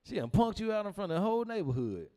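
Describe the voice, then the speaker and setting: A young man telling stand-up stories, animated and laughing through his lines as he acts out his family. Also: high-pitched, quick pace. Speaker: stand-up comedian. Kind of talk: stand-up storytelling.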